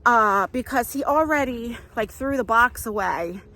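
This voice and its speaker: A woman's voice: fairly high pitch, lively intonation, measured pace, sharp tone. A woman in her forties telling a story in a chatty walk-and-talk vlog outdoors on a nature trail, filming herself on a handheld phone. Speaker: vlogger.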